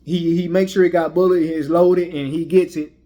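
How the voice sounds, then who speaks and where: A man's voice: on the high side, steady tone, moderate pace, mellow. Rambling man recapping a movie. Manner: rambling, frequent "you know" fillers and restarts. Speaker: movie reviewer.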